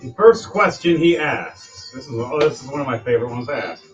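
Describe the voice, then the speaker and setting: A man narrating as game master for a tabletop game, dramatic and animated. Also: medium pitch, fairly quick, lo-fi sound, soft background music.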